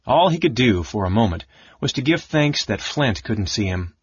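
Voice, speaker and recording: A man reading a fantasy audiobook as narrator, in an even, measured way. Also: medium pitch, husky, no room sound, muffled recording. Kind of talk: scripted narration.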